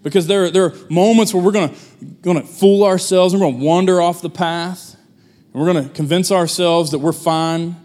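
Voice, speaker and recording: Folksy pastor preaching conversationally. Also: male voice, high-pitched, fairly even intonation, moderate pace, a little mellow. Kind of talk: sermon.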